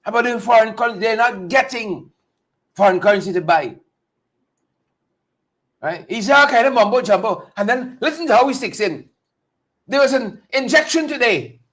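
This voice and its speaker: High-voiced man commenting live. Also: normal speed, long pauses. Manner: animated, talks straight to viewers and mocks. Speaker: host of a political talk show. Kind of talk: casual live-stream commentary.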